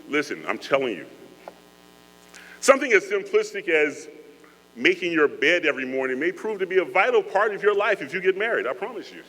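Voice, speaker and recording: Brisk, pushed and bright, this man's rather high voice swings widely in pitch as he speaks to cadets as a guest. His speech is joking yet earnest, delivered conversationally. An echoey hall and mains hum color the recording.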